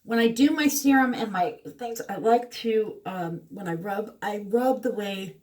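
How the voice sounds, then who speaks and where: A woman's voice: medium pitch, a little slow, hardly any pauses, a little mellow, distant mic. A middle-aged woman, chatting casually through a skincare routine with lots of fillers. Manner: chatty, rambling, frequent fillers. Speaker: beauty vlogger. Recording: voice a bit away from the mic.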